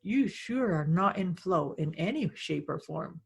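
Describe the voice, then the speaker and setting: A woman's voice: lowish voice, expressive, unhurried, creaky, breathy edge. A woman from North America co-hosting a podcast in casual chat, affirming and coaching. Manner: affirming, coach-like, builds on the other host's points. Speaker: podcast co-host.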